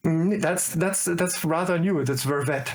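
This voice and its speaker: A middle-aged man with a German accent, a guest in casual chat who rambles excitedly from tangent to tangent. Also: a little high, a little slow, over a noisy crowd.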